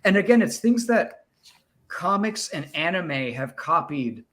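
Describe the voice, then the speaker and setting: A man in a casual podcast chat, speaking a bit high with a very lively, swooping pitch. He sounds enthusiastic and keeps jumping into quoted lines. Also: a little slow. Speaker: podcast co-host.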